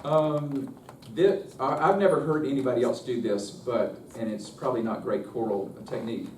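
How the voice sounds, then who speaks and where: A man's voice: medium pitch, moderate pace, a little mellow, a little hiss or hum. A man leading a live choral workshop, chatty and self-interrupting, breaking off now and then to sing short demonstrations. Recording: roomy distant live room recording.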